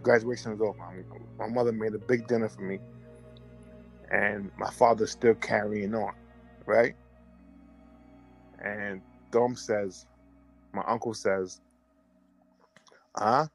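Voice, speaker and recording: A man's voice: lowish voice, unhurried, long pauses, faint music behind. A man telling a personal story in a casual way. He talks animatedly and often repeats himself and starts his sentences over. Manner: animated, repetitive, restarts and self-corrections. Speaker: storyteller recounting a memory.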